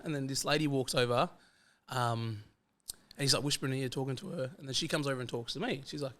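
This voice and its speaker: An Australian man who is a podcast guest, telling casual anecdotes in a lively way and acting out the dialogue he quotes. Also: medium pitch. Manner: animated, fast-flowing anecdotes that act out quoted dialogue. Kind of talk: casual storytelling chat.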